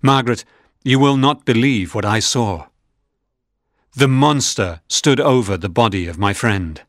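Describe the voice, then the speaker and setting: A man narrating a storybook in a measured, even reading. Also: mid-range voice, no echo, clean studio sound.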